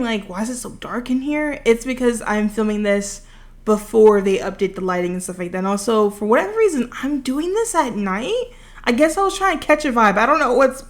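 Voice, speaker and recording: A young woman in her twenties chatting through a long, rambling, self-deprecating story while building, close to the microphone. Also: medium pitch. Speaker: vlogger. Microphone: close desk microphone.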